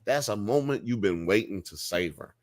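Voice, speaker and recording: A man from Alabama, co-hosting a casual TV review chat in an animated, profane way. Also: on the low side, normal speed. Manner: animated, profane, acts out characters. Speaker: podcast co-host.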